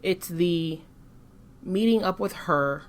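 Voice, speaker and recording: A woman co-hosting a casual commentary chat, speaking in a thoughtful, measured way. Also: on the low side. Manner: thoughtful, measured, some restarts. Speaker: co-host.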